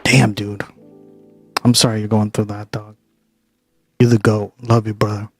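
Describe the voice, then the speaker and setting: A man's voice: fairly low pitch, level tone, measured pace, faint music behind. A man hosting a stream, chatting casually and reacting to his viewers. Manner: laid-back, reacting to chat. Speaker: streamer host.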